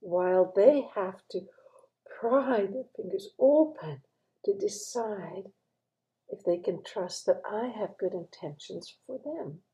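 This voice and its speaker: Slow, dark-voiced woman reflecting. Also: mid-range voice, lively intonation, low-quality recording. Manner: thoughtful, drops to near-whispers for emphasis. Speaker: speaker of a devotional reflection. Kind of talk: reflective devotional talk.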